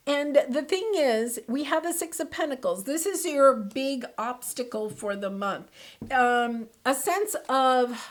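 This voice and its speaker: A woman with a high, bright-toned voice gives a casual tarot card reading. She gushes with excitement, keeps talking through plenty of fillers, and breaks into laughter now and then. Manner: effusive and excitable, with frequent fillers.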